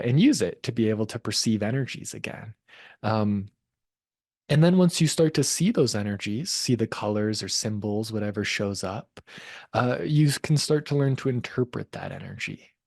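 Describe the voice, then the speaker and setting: Man teaching energy perception, relaxed. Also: on the low side, dry recording, clean studio sound. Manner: relaxed, conversational, with many fillers. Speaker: class teacher. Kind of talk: teaching a live class.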